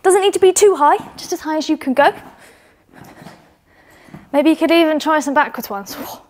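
A young British woman with a high voice speaking at normal speed coaches children through gymnastics exercises indoors at home. She's encouraging and a little out of breath as she demonstrates.

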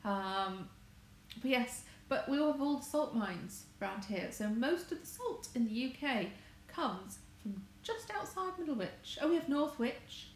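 Unhurried and a little high-pitched, with big swings in pitch, a married English crafts vlogger chats through a casual livestream from her home conservatory. Her talk wanders and she often corrects herself. Faint background noise and echo fill the room.

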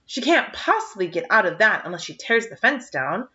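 A woman's voice: mid-range voice, sing-song, normal speed, sharp tone. An earnest, eager teenage girl, as a woman reading a storybook puts her on, her voice sitting a touch above the middle. The recording is muffled and lo-fi. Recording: dull lo-fi recording.

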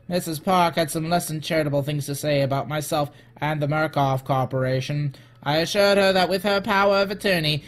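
A man's voice: fairly high pitch, lightly acted. A man voicing a smug corporate executive's memo in a mock-dramatic, pompous reading voice.

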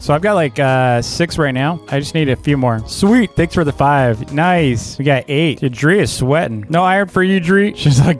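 A young man giving let's-play commentary, excitable and playful, laughing often as he banters. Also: fairly high pitch. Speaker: gaming YouTuber.

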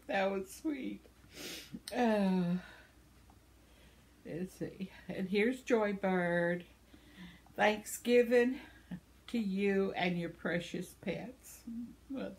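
Slow-talking older woman chatting with viewers. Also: medium pitch, vocal fry. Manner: chatty and tender, laughs often, stumbles over names. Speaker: channel host. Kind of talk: casual chat reading viewer comments.

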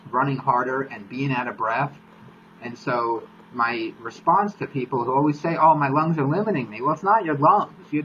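A man's voice: mid-range voice, lo-fi sound, slight background noise. Teacherly man explaining step by step. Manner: teacherly, steady, repeats key points to link concepts. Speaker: host, exercise physiologist. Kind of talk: explanatory live-stream lesson. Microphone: live-stream mic.

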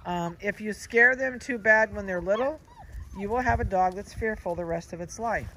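A man who breeds dogs, giving folksy, chatty advice outdoors in a yard and pausing to comment on the puppies. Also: high voice, poor audio. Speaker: dog breeder. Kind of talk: casual outdoor advice talk. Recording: loud wind noise outdoors. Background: wind and puppies playing.

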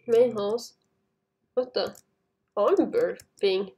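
An excitable woman chats slowly through casual gameplay commentary, her higher voice swinging widely in pitch. Her English has a non-native phrasing, and she shouts when she jumps. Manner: excitable, talks to the viewers while playing, shouts at jumps. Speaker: gaming YouTuber.

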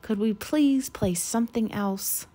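A woman's voice: on the high side, unhurried, warm tone. A woman doing a weary grumbling goose. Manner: weary, mumbling. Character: grumpy, patient male goose. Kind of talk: storybook read-aloud.

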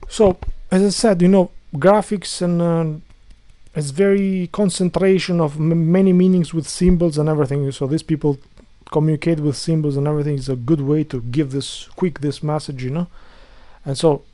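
A man's voice: fairly high pitch, fairly even intonation, normal speed, mellow, no echo. A man delivering an angry ranting monologue to viewers, full of insults, repetition and stumbling restarts. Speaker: video blogger.

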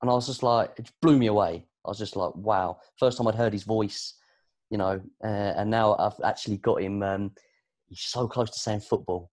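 A British man, a guest on a casual interview podcast, telling stories in a chatty, animated way with lots of fillers. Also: lowish voice, fairly quick. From Britain. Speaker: podcast guest, sports producer and presenter.

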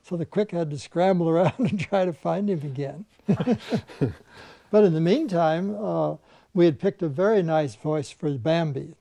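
Older man, gravelly voice, mellow tone, reminiscing animation veteran, anecdotal, mimics people he quotes, dry close sound. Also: a little high, normal speed, dry recording. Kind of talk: reminiscing conversation.

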